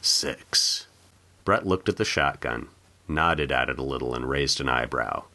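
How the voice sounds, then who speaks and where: A man reading his own short story aloud in an expressive, animated narration. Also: a bass voice, normal speed. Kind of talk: audiobook narration.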